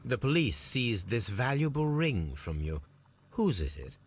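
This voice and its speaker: A man voicing a calm, sharp-minded male detective in a video game, questioning a suspect in a measured, deductive way. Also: mid-range voice, a little hiss or hum. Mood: probing. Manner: measured, deductive and coolly probing.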